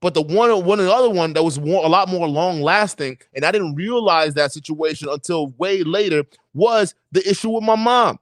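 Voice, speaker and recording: A young adult man on a livestream chat, telling personal stories in a lively, profane way and acting out the voices of people he quotes. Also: high voice, normal speed, hardly any pauses, dry recording. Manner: animated storytelling, acts out quoted voices, profane. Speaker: podcast co-host.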